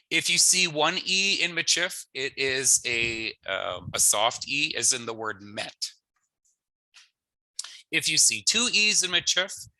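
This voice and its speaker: A man with a Canadian English accent teaching a pronunciation lesson in a relaxed, explanatory way, sometimes laughing at himself. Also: mid-range voice, no room sound. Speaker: language teacher.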